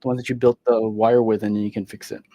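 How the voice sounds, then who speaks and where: A man calmly explaining jewelry wirework as he demonstrates, speaking quietly. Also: on the low side, fast, dry recording, poor audio. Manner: quiet, steady, explains as he works. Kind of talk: calm how-to instruction.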